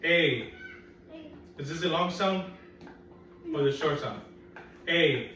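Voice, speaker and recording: A woman with a deep, slightly bright voice speaks slowly as she leads young children through phonics in a classroom. Patient, she repeats vowel sounds and jokes that she'll trick them; the lo-fi recording comes from a distance in an echoey room, with faint noise.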